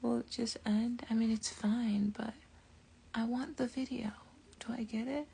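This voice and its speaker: A woman tarot reader chatting casually on a live stream, rambling and thinking aloud with soft whispered asides. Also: on the high side, fairly even intonation, a little slow, creaky, husky. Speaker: tarot reader and jewelry maker.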